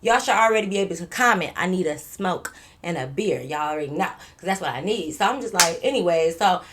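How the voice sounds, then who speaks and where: Profane, animated woman storytelling. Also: fairly low pitch, a little fast, background noise. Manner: animated, profane, repeats herself and stutters a little. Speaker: vlogger telling a story. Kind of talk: casual storytime monologue.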